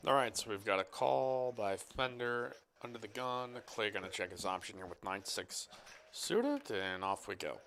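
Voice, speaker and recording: A man's voice: fairly low pitch, lively intonation, moderate pace, creaky, fairly bright tone, a little hiss or hum. A man commenting live on a poker final table, rambling about football and reading viewer chat in a joking, casual way. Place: card room commentary booth.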